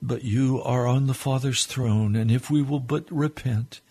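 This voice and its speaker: Radio preacher, male, husky and gravelly, fervent pleading prayer delivery. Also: medium pitch, steady tone, a little slow, darkish tone. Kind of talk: sermon prayer.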